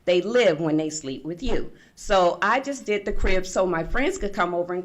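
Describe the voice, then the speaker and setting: A woman's voice: fairly low pitch, normal speed, hardly any pauses. A middle-aged woman speaking at a forum, telling a personal story to an audience and acting out the voices of the people in it. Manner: animated storyteller acting out past conversations. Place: conference room.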